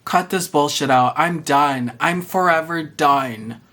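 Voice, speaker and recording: A man's voice: on the high side, slow, bright, forceful tone. A man ranting to camera in a vlog, exasperated, profane and sassy. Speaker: vlogger. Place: Toronto.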